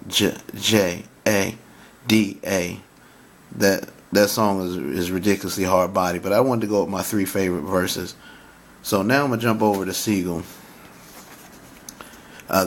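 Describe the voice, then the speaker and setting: Excited lower-voiced man talking hip-hop. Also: a little hiss or hum. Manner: excited, stammers and restarts, recites lyrics. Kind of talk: casual monologue to viewers.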